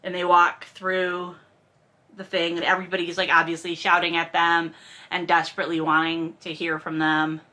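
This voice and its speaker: Woman, bright crisp voice, sarcastic, wry asides, casual book-reading commentary. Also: fairly low pitch, monotone, normal speed. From from a Russian family. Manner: sarcastic, wry asides between read passages. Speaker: podcast host reading and critiquing a novel.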